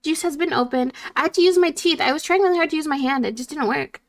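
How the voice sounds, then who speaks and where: A woman's voice: sits high, fast talker. A woman VTuber streamer chatting casually and reading her chat aloud in a bubbly, playful way.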